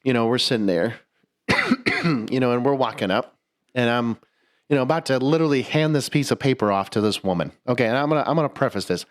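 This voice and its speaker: Speaking fast at a medium pitch, this young man co-hosts a podcast and is telling a story in relaxed conversation. Profanity comes easily, and he breaks into laughter partway through sentences before starting them over.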